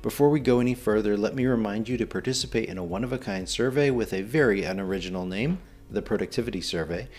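Earnest low-voiced podcast host. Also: male voice, fast talker, a little mellow, soft background music. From Pennsylvania. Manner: earnest, encouraging, rhetorical questions. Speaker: podcast host, nonprofit executive director. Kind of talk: solo podcast monologue.

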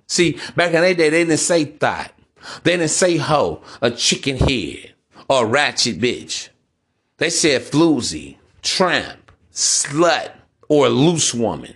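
A man's voice: medium pitch, big pitch swings, slow pace, a bit bright. A man hosting a podcast in a casual monologue, talking bluntly with profanity and a preachy edge. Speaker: podcast host.

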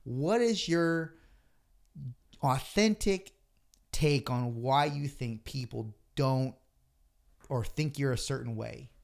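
Relaxed man asking curious questions. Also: medium pitch, slow pace, creaky, pauses often. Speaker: podcast host. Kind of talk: casual interview chat.

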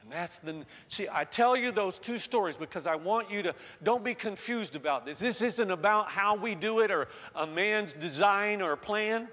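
A man's voice: high-pitched, expressive, normal speed, few pauses, a bit bright, big-room sound. A man from the American South with a slight Southern accent, preaching a sermon in a conversational storytelling way that rises to fervent emphasis. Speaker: pastor.

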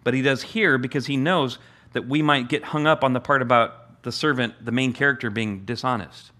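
A male pastor preaches at an easy, middling pitch, talking more than declaiming. He often stumbles and restarts, repeating words as he builds a point, and his delivery is plain and unpolished. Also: normal speed, sharp tone. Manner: acts out the master's amused voice with a higher pitch. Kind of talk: sermon.

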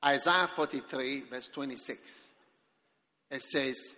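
A man preaching a sermon as pastor at a church service, animated and breaking into sudden shouts. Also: sits high, measured pace, pauses often. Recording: reverberant hall.

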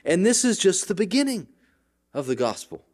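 A male pastor preaching a sermon, with wide swings between loud declarations and quiet asides, often checking in with the congregation. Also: high-pitched, sing-song, moderate pace.

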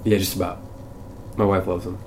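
A man's voice: low-pitched, little pitch movement, brisk, background noise. Sarcastic, profane man in casual movie chat. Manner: sarcastic, profane, does mocking impressions. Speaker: podcast co-host.

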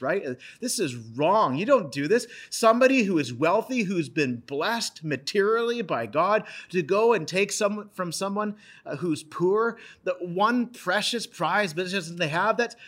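A man preaching an earnest sermon, retelling a scripture story and reading verses aloud with dramatic pauses. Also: high-pitched, lively intonation, a bit bright. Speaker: pastor.

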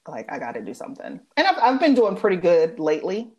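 Low-voiced woman, earnest chat. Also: sing-song, quick pace, a little mellow, highs cut off. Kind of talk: casual chat between friends.

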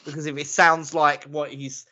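A man's voice: fairly high pitch, flat delivery, normal speed, sharp tone. A man co-hosting a casual chat, opinionated and ranting, laughing often. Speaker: podcast co-host. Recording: lo-fi muffled audio.

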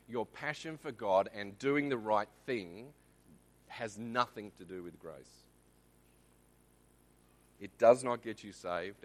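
A man's voice: mid-range voice, sharp tone. An Australian man giving a conversational Bible teaching in church, often checking in with the congregation. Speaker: lay preacher.

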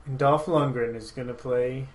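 A man's voice: medium pitch, steady tone, moderate pace, rough recording. A man hosting a movie podcast, chatting casually and rambling through his opinions with frequent laughs. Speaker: podcast host.

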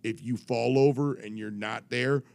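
A man voicing a stern male league commissioner who repeats his rules flatly and insistently. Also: medium pitch, unhurried, vocal fry, dry recording. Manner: flat, insistent repetition of rules.

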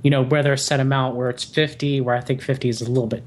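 Man explaining at length, mid-pitched. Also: little pitch movement, fast, a little hiss or hum. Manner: explanatory, talks in long winding runs. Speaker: guest. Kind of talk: casual chat.

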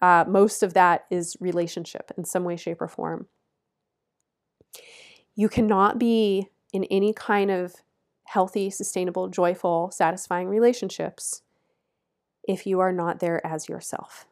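A woman's voice: on the low side, steady tone, measured pace. Woman astrologer, forecast monologue; earnest, coaching tone, laughs between phrases and repeats her instructions for emphasis.

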